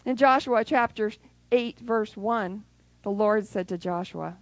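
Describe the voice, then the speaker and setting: A woman preaching a sermon who acts out prayers and little scenes, even with sound effects. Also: mid-range voice, measured pace, no room sound, low-quality recording.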